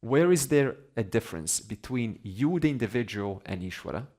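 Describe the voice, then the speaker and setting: A man's voice: medium pitch, lively intonation, moderate pace, a little mellow. A man teaching a class on scripture, conversational, asking his students questions and laughing between points. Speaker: Vedanta teacher.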